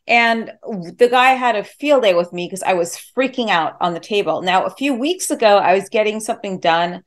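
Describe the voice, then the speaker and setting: A woman hosting a casual interview, reacting excitedly and chatting about her own experiences. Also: mid-range voice, moderate pace.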